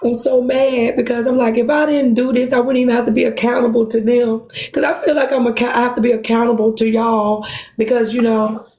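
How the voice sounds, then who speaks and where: A high-pitched woman pours out her feelings to her supporters, passionate, blunt and full of curses. Her voice bounces around a roomy, echoing space. She scolds herself as she speaks. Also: a little mellow. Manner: impassioned, profane, self-reproaching. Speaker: livestream host. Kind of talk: emotional livestream talk.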